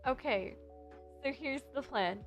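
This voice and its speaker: A woman's voice: sits high, a little slow, soft background music. A young adult woman streaming casually as a VTuber, rambling and giggling while reviewing designs. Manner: rambling, giggly, self-deprecating. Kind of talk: casual livestream chat.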